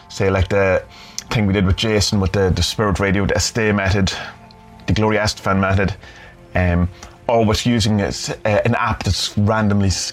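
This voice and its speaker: A fairly low-pitched man talks through his thoughts in a loose, rambling vlog style. He hosts his own podcast and keeps stopping to search for the right words. Soft music plays faintly behind him. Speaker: podcast host. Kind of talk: reflective spoken vlog.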